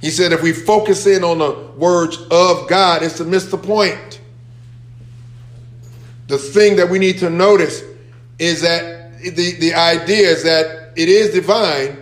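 Echoey preaching man, pitch a bit high. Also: steady tone, slow. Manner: preaching with rising emphasis, repeating key phrases. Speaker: pastor. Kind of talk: sermon. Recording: echoey room.

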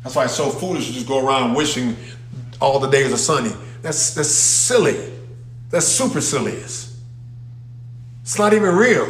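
A man's voice: medium pitch, lively intonation, normal speed, pauses often, a little hiss or hum. A man preaching a sermon to a congregation, emphatic and calling out questions to the people. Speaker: pastor. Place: church sanctuary with a congregation. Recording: echoey room.

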